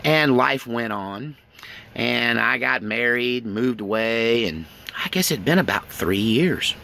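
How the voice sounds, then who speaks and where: A man's voice: mid-range voice, expressive, slow pace, gravelly, sharp tone, a little hiss or hum. A man from East Texas telling a rambling story in a casual way, chuckling between lines.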